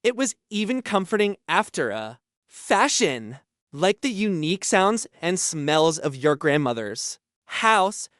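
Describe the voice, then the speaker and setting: A male audiobook narrator reading fantasy in a measured, expressive way. His pitch swings widely while he keeps an unhurried pace. The studio sound is very dry and close. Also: no room sound.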